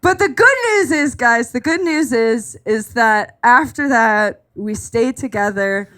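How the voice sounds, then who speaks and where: A young woman with a high, bright voice tells a story to a live audience, animated and self-mocking, switching into voices for the people in her tale. She talks into a stage microphone. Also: a little slow. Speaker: stand-up comedian. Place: live comedy club stage.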